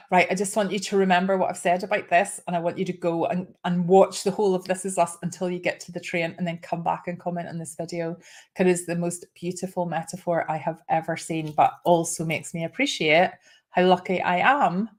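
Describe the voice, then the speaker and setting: A woman's voice: on the low side, flat delivery, brisk. A woman in her fifties hosting a live show, chatting casually and getting emotional, with restarts and small laughs. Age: 50s. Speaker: host.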